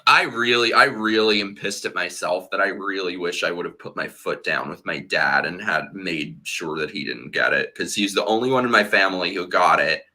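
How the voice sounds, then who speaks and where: A man's voice: deep voice, normal speed, hardly any pauses, bright, forceful tone. A tipsy man hosting a casual livestream chat, blunt and heated, swearing freely. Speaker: host.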